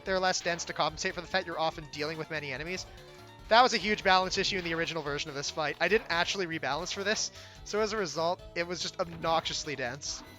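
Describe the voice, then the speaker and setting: A young man giving casual gameplay commentary as the game's developer, relaxed and self-deprecating, often restarting his sentences. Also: fairly high pitch, fast talker. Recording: game music playing faintly behind.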